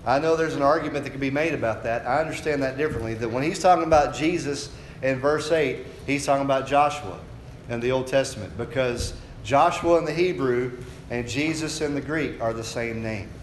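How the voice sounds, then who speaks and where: A man's voice: medium pitch, brisk, slight background noise. A man preaching a sermon from the United States, explaining scripture in a conversational teaching voice that asks his listeners questions. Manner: conversational teaching that builds to raised, fervent preaching. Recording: echoey room with faint ambience.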